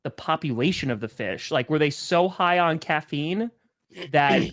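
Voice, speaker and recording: A man's voice: on the high side, lively intonation, normal speed, a bit bright. A man co-hosting a casual sports podcast, laughing often and trailing off into restarts. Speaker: podcast co-host.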